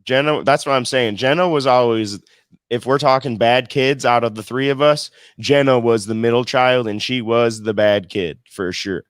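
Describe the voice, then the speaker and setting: A man co-hosting a laid-back stream, reading viewer messages with plenty of swearing and restarts. His voice is smooth and resonant, with a dry, close sound and no room around it. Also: mid-range voice, normal speed, no room sound. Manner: loose and profane, laughs often, stumbles while reading. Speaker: co-host. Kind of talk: casual chat, reading viewer comments aloud.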